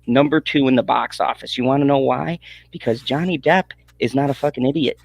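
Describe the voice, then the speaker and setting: A man's voice: mid-range voice, brisk, gravelly, breathy edge. A man hosting a podcast, chatting casually and brashly, reading out comments. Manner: animated, brash and laughing. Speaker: podcast host.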